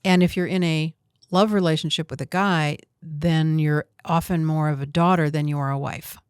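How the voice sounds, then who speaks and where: Host-coach, female, lower register, direct and teasing delivery. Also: steady tone, moderate pace, clean tone, dry recording, clean studio sound. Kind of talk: coaching conversation.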